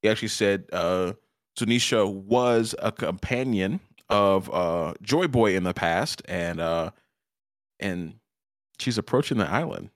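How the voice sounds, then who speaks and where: A man's voice: low-pitched, measured pace, no room sound, clean studio sound. A man co-hosting an anime podcast, rambling casually with fillers and restarts. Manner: rambling, many fillers and restarts, laughs often. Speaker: podcast co-host. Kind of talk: casual chat.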